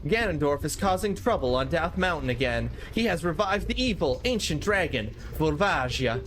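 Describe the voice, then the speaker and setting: A man's voice: a little high, very animated, normal speed, a bit bright, a little hiss or hum. A man reading out a game's solemn male rock-people leader, with game music behind him. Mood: grave.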